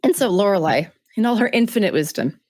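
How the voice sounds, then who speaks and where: A woman's voice: mid-range voice, quick pace, no room sound, studio quality. A woman co-hosting a podcast, chatting casually as she recaps a TV episode and laughs often. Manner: animated, laughs often, acts out quotes. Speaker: podcast co-host.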